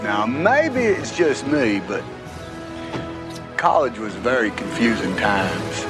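An actor playing a slow-spoken, simple-hearted Southern man in a film trailer, talking in a plain, earnest drawl over loud music. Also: mid-range voice, big pitch swings.

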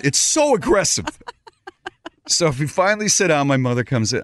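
Animated man telling a story. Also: mid-range voice, moderate pace. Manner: animated storyteller, acts out quotes. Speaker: radio show host. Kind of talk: storytelling on a talk show.

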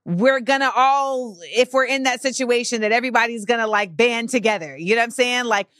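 Woman host, bright voice, slangy chatty talk, dry close sound. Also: a little high, fairly quick, dry recording. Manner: chatty, slangy, expressive interjections. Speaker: podcast host. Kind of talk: casual conversational interview.

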